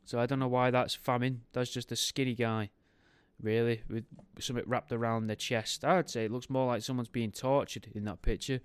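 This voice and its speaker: A podcast host reads a history book aloud, then wanders into wry, joking tangents and asides. His medium-pitched voice is steady, clear and resonant at normal speed, with no room sound.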